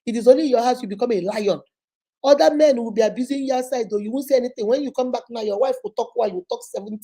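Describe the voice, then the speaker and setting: Hosting a show, a Nigerian woman hands out marriage advice straight to camera in a sarcastic, preachy style, acting out the quotes she cites. Her voice sits on the high side and races along, mellow with a breathy edge.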